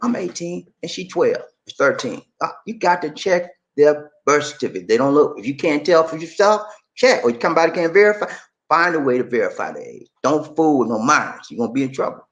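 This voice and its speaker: A man's voice: fairly high pitch, big pitch swings, fast, fairly bright tone, highs cut off. A man hosting a casual vlog, chatty and repetitive as he quizzes viewers. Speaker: channel host.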